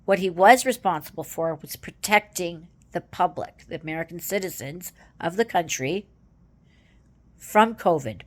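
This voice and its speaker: A woman's voice: on the low side, animated, normal speed. A woman from Canada giving casual political commentary, exasperated and rambling, with many fillers and tag questions.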